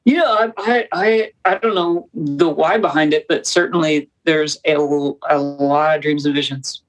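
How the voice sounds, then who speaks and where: A young woman, a documentary producer, talking as a guest in an interview, with fast, animated, preacherly storytelling. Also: low-pitched, poor audio. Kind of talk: conversational interview.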